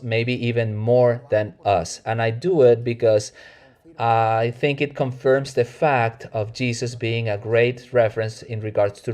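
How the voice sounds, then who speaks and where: Earnest preacher, Mexican Spanish accent. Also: male voice, medium pitch, a little mellow. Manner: earnest, measured preaching with self-corrections. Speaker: pastor. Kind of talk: sermon.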